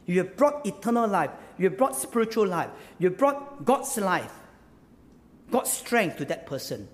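A man's voice: sits high, sing-song, normal speed, long reverb tail. A male pastor preaching a sermon, emphatic, repeating phrases and firing rhetorical questions.

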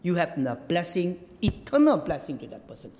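A man's voice: high voice, big pitch swings, normal speed, a little mellow, in a large hall. A male pastor preaching a sermon, emphatic, repeating phrases and firing rhetorical questions.

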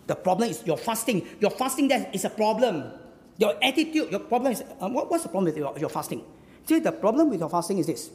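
Preacher, sermon delivery: lively pitch, punchy rhetorical questions, lots of repetition, booming hall reverb. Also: quick pace. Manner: emphatic, with repeated rhetorical questions; repeats phrases and tags lines with "huh?".

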